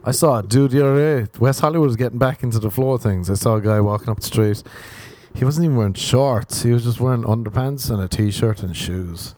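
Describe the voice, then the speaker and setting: A man's voice: medium pitch, quick pace, darkish tone, dry recording. A young Irish man hosting a comedic solo monologue, rambling and sardonic with plenty of swearing. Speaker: podcast host.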